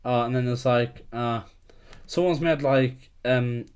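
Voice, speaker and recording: A man's voice: mid-range voice, takes it slowly, clean tone. A young man, co-hosting a podcast and recalling gaming stories in a rambling way, full of fillers and laughter. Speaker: podcast co-host. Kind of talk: casual gaming chat.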